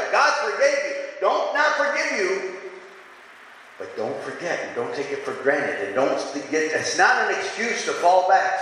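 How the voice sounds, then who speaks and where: A man preaching in a church sanctuary, his fairly high voice ringing through a long, hall-like reverb. He drives his points home with repetition and calls the congregation to answer back. Faint room noise hangs behind him. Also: a bit bright. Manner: preaching with call-and-response, repeating lines for emphasis. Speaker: pastor. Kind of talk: sermon.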